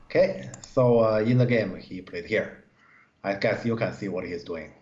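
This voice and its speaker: Halting man reviewing go games. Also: lowish voice, a little mellow. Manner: halting, many fillers, broken English grammar. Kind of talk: live-stream game review. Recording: roomy, dull stream audio.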